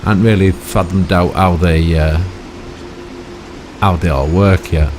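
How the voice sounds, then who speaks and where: Deep-voiced rambling man. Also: fairly even intonation, a little slow, background noise. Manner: chatty, self-mocking, trails off with tag questions. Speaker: gaming YouTuber. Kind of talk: rambling gameplay commentary.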